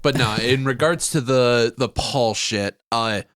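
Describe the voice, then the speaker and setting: A man's voice: medium pitch, measured pace, a bit bright, dry recording, studio quality. A man who is a guest on a casual podcast, ranting bluntly and swearing a lot.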